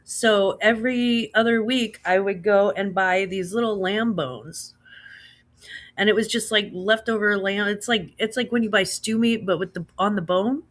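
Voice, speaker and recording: Reading comments to her livestream audience, this thirties-aged woman with a Midwestern American accent keeps the conversation casual and chatty. She speaks in a mid-range voice at a moderate pace, laughs often, and throws in words like "girl" and "slaps."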